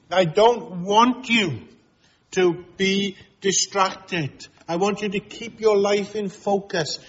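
A man's voice: sits high, a bit bright, muffled recording. A man preaching a sermon, speaking earnestly and appealing directly to his congregation.

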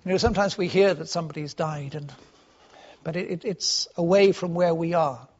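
High-voiced earnest male preacher. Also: moderate pace. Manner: earnest, rises with emphasis then drops to hushed tones. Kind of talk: sermon. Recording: dull lo-fi sound.

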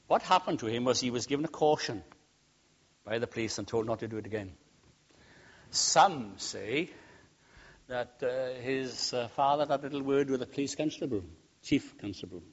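A man preaching a sermon, swinging between loud emphatic peaks and quiet, humorous storytelling asides. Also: medium pitch. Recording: dull lo-fi sound.

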